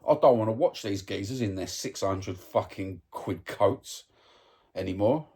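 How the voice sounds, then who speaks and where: A man's voice: lowish voice, measured pace, a little mellow, slightly rough. Sweary man ranting. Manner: blunt, sweary, heated. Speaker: football fan vlogger. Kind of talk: ranting match review.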